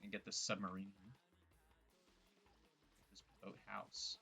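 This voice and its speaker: A young gameplay streamer offers rambling, joking, casual commentary and pokes fun at his own words. He takes it slowly, speaking in a lowish, gravelly, sharp-toned monotone, over soft background music.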